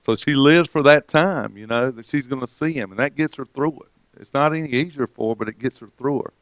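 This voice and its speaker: A man delivers a sermon as a story, quoting others by pitching his voice higher. His voice is smooth and clear. The recording is dry and a little dull. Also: fairly quick, no echo. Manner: retells conversations, quoting others with rising pitch. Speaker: preacher.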